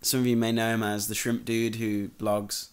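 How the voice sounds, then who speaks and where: A young man hosting a casual podcast chat, relaxed and hesitant with lots of fillers. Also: fairly low pitch, normal speed. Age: young adult. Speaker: podcast host. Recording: faint background noise.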